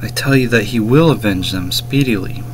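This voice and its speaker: A man's voice: fairly low pitch, normal speed, slight background noise, low-quality recording. A man reading King James verses aloud and scornfully rebutting a preacher's clip. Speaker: commentator reacting to a sermon clip.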